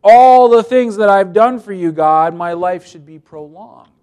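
A man's voice: high voice, unhurried, darkish tone, clean tone, voice pushed up. A preacher acting out a self-pitying ancient king who pleads in a whiny voice. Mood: pleading.

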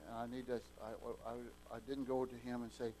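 A man preaching a sermon in a folksy, homespun way, often restarting and repeating words and swinging from soft asides to loud, emphatic peaks. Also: mid-range voice, flat delivery, normal speed, slight background noise, poor audio.

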